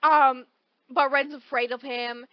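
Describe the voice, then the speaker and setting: A woman co-hosting a podcast, recapping a novel in animated, casual chat full of "like" and "right?", with casual swearing. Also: high voice, unhurried, no room sound, lo-fi sound. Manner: animated storytelling, peppered with "like" and "right?". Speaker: podcast co-host.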